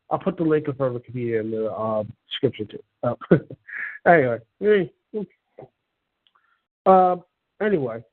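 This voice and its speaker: A man hosting an online talk show, chatting casually and reading an article aloud with many halting fillers and stumbles. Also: on the high side. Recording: tinny phone-line sound.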